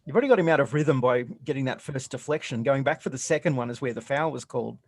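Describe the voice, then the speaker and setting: A man giving relaxed color commentary on a basketball game, explaining plays and often restarting his sentences. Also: medium pitch, fast, breathy edge, no echo. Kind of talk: casual game analysis.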